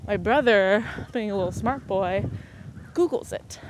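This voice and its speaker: A young adult woman hosting a podcast, telling a long story in an animated, sarcastic way with frequent laughs. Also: measured pace. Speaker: podcast host. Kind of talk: casual storytelling monologue. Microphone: low-quality mic. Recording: noisy low-quality home recording.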